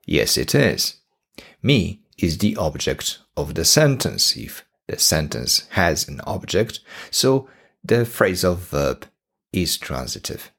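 Polish-accented male teacher, low husky voice, lively pitch, unhurried. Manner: slow and deliberate, repeating examples. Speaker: English teacher. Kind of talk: podcast English lesson.

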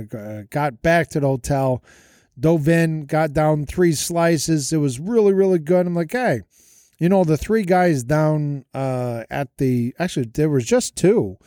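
A man's voice: mid-range voice, dark tone, dry recording, clean studio sound. Chatty man telling stories from a hotel room. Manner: chatty, rambling, self-deprecating storyteller. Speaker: podcast host. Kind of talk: casual storytelling monologue. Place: hotel room with makeshift soundproofing. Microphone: podcast mic through an audio interface.

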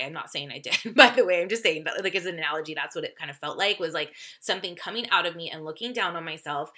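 A woman's voice: medium pitch, bright, forceful tone. A woman hosting a podcast, telling a personal story in a candid, chatty way, swearing freely, laughing often and speaking straight to her listeners. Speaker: podcast host. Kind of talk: casual confessional storytelling.

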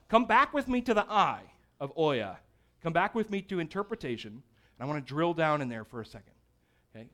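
A man teaching a Bible study class, energetic and often checking in with his listeners. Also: high-pitched.

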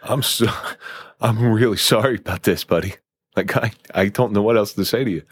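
A man's voice: fairly low pitch, brisk, slightly rough. A male podcast host in casual chat, blunt and profane but sympathetic.

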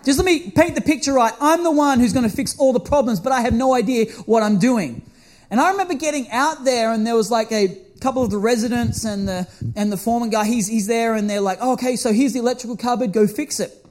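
A man with a strikingly high voice preaches to his congregation. He tells stories in a lively, self-mocking way, speeding up in bursts and laughing at himself. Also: brisk. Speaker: pastor. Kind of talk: storytelling sermon.

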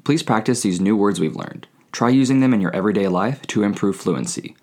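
Male language teacher with a low voice, reads a scripted lesson, repeats each word slowly. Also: animated, darkish tone. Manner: slow, clear repetition of words. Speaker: Spanish teacher.

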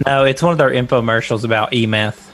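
A man's voice: medium pitch, quick pace, a bit bright, faint music behind. A man co-hosting a casual podcast, joking in a dry way and chuckling. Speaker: podcast co-host. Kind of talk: casual chat.

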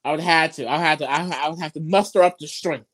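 A podcast co-host in casual recap chat who is laid-back and slangy, chiming in with quick reactions and short takes. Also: mid-range voice.

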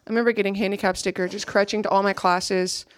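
A woman's voice: mid-range voice, little pitch movement, quick pace, dry recording, studio quality. A young woman giving an earnest, reflective personal testimony to a gathering, now and then checking her notes.

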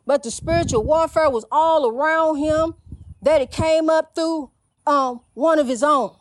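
Woman minister, high voice, dry close sound, fervent repeated calls. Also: unhurried, no room sound. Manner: fervent, repetitive calls, says "honey". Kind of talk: preaching monologue.

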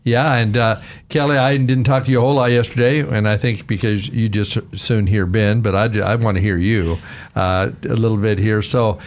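A man's voice: fairly low pitch, steady tone, moderate pace, a little hiss or hum. A man, a pastor hosting a radio interview show, asking friendly, teasing questions.

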